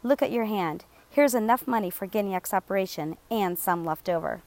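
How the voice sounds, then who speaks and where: A woman voicing a calm, resourceful father in a storybook reading, speaking firmly and plainly. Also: mid-range voice, moderate pace, close to an everyday voice. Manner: firm and level, raising his voice to clear a path. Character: calm steady father, quick-witted and resourceful.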